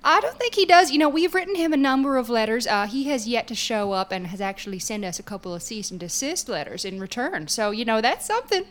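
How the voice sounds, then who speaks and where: A woman's voice: a little high, expressive, quick pace, few pauses, lightly acted. A woman playing a chirpy country waitress. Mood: gushing. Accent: put-on country accent. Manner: folksy, cheerful, rambling with fillers. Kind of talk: improv comedy scene.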